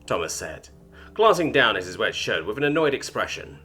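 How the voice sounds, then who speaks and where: Expressive male storyteller with a husky voice. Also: lowish voice, fairly quick, faint music behind. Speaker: story narrator. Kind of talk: scripted narration.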